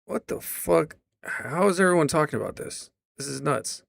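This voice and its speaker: A man's voice: fairly high pitch, animated, moderate pace, creaky, no echo, studio quality. A male streamer reacting live to a clip, incredulous and sarcastic, swearing now and then.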